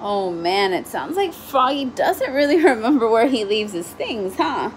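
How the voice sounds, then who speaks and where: Young woman teacher, gentle children's read-aloud, slow and lilting, asks the kids questions. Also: on the high side, big pitch swings, a little hiss or hum.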